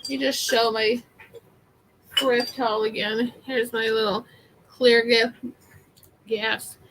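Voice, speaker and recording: A woman's voice: fairly high pitch, little pitch movement, takes it slowly, fairly bright tone, a little hiss or hum, rough recording. A woman chatting casually through a live thrift haul, rambling with many fillers. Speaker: vintage seller vlogger.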